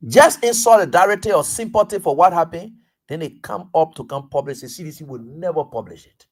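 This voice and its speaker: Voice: medium pitch, animated, fairly quick, a little mellow, husky. A radio talk host, giving political commentary in an emphatic way, full of repetition and rhetorical questions.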